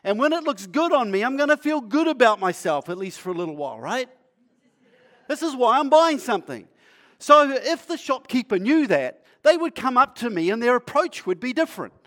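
A male pastor preaching in a conversational, playful way, asking the congregation questions and sometimes dropping to a quiet, earnest tone. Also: sing-song, fairly quick. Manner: acts out a shopkeeper's sales pitch. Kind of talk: sermon.

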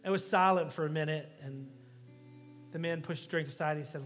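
High-voiced pastor preaching in a hall. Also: male voice, fairly quick, soft background music. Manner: animated storytelling with jokes, swinging from loud to hushed. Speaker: guest pastor. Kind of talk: sermon.

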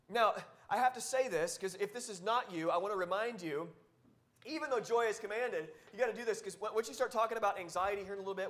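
A man pastor preaching a sermon, exhorting and repeating key phrases, swinging from loud to soft. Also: high voice. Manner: repetitive, exhortative preaching with wide swings in loudness.

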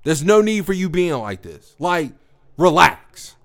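A young man hosts his podcast alone, rambling through a profane, slang-heavy story. His voice sits a little high and swings widely in pitch as he gets worked up, shifting between loud outbursts and low asides. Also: big pitch swings, moderate pace. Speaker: podcast host. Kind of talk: casual storytelling monologue.

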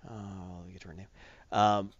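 A man's voice: low voice, level tone, normal speed, no echo, highs cut off. A man chatting casually as a podcast host, rambling and correcting himself as he goes. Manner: rambling, self-correcting, enthusiastic. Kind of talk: casual chat.

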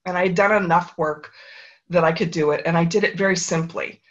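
Speaking a little fast with a lowish, steady voice, a middle-aged woman who is an author tells a personal story as an interview guest. She's reflective and earnest and slips in brief quoted voices. The sound is lo-fi.

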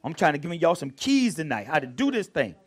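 A man preaching a prayer sermon as pastor, repeating phrases and swinging from soft murmurs to loud shouts. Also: a little high, big pitch swings, breathy edge. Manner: repeats phrases, drawn-out emphatic delivery.

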